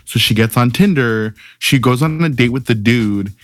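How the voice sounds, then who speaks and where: A man's voice: mid-range voice, normal speed. A man producing and co-hosting a podcast, chatting casually in a blunt, teasing, profane way. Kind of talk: casual chat.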